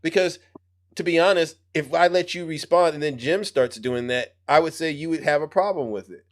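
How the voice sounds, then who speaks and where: A man's voice: fairly high pitch, normal speed. A man hosting a live audio debate, challenging the speakers as a pushy moderator. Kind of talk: moderating a heated political argument.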